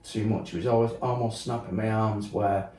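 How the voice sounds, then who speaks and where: A man's voice: fairly low pitch, fairly even intonation, moderate pace, mellow. A man telling his story as a guest, blunt and sweary, acting out what people said. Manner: blunt, swears, acts out quotes, many fillers. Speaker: podcast guest. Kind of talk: candid storytelling. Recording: roomy sound, distant mic.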